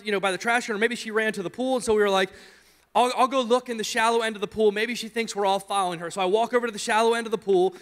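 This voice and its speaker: A man in his thirties, a pastor, telling a story in a sermon, animated and often repeating words as he gets caught up in it. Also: sits high. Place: church sanctuary. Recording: long reverb of a church hall.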